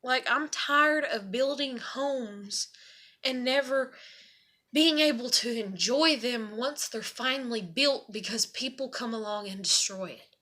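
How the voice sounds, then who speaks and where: A young woman with a drawl rambles through a frustrated, profane personal story in a casual vlog. Her voice is bright and forceful and sits a little high, and she talks plainly and openly. The delivery keeps circling back on itself as she vents. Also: unhurried. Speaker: vlogger.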